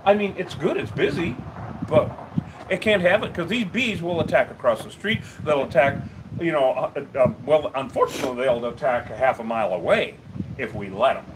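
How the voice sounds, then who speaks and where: A fairly high-voiced man streaming live from a busy street, cursing freely and rambling with excitement about a bee job. Clear outdoor noise and passing vehicles sit under his voice, picked up by a phone camera. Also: fairly quick. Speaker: bee removal business owner. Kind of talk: casual livestream narration on site. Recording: noisy outdoor street recording.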